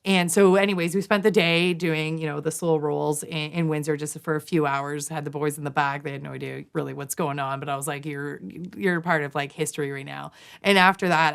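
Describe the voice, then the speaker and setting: A woman in her thirties from Canada talks through a long story in a relaxed interview. Her voice sits a little low, and she winds along with many "um"s and "like"s, acting out what people said to her. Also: creaky, smooth. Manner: chatty, full of fillers and quoted asides. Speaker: guest, nurse.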